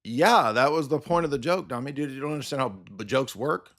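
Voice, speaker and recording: A man's voice: medium pitch, expressive, fairly quick, a bit bright. A man hosting a livestream, ranting in a combative, sarcastic commentary style. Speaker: livestream host.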